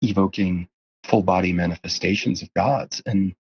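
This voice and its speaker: A man's voice: sits low, moderate pace, a little mellow, breathy edge, dull audio. A man as a podcast guest, talking earnestly in a casual, rambling way with lots of fillers and restarts. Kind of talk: casual interview conversation.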